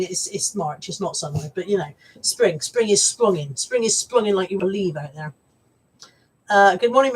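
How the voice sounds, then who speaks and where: Her voice is medium-pitched with a breathy edge. This livestream host chats and teases her viewers with plenty of laughter, recorded on a camera mic at a slight distance.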